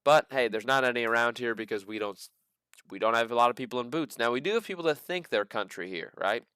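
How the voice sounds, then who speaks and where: Joking man with a smooth voice. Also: mid-range voice, fast, bright, forceful tone, dry recording, clean studio sound. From American Midwest. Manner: joking, rambling asides with sarcastic quips. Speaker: stock market channel host. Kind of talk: casual commentary on earnings reports.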